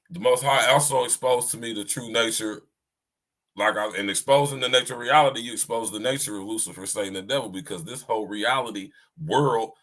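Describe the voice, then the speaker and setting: A man's voice: mid-range voice, a bit bright. A man hosting a podcast and talking casually about faith to his listeners. He often stops to ask "right?", restarts his sentences and repeats himself as he looks for words. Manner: talks to listeners directly, often asks "right?". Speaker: podcast host. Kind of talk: casual spiritual monologue.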